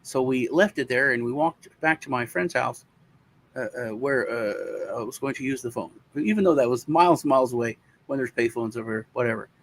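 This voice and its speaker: A man's voice: mid-range voice, a little fast. A man casually telling a long personal story, swearing now and then and acting out the voices of the people in it. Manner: animated, acts out the voices of people in his story. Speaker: co-host.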